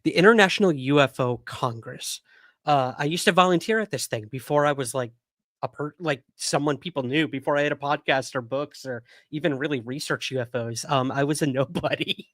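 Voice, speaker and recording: A man's voice: fairly high pitch, fairly quick, a bit bright, no echo, clean studio sound. A man hosting a casual livestream, chatty and rambling with many fillers, hiccuping. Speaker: podcast host.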